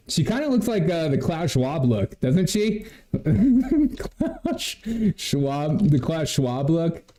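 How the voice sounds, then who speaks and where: On his comedy livestream, a man whose voice is a little high and warm chats with viewers. He mocks and laughs his way through sarcastic commentary.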